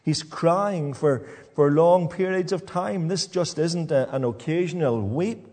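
A man preaching a sermon in a church, halting and repeating words as he talks. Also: fairly high pitch, darkish tone, big-room sound.

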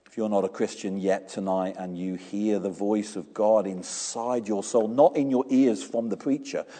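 A man preaching a sermon as pastor, animated and storytelling, acting out small dialogues with his congregation. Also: fairly low pitch, normal speed, long reverb tail.

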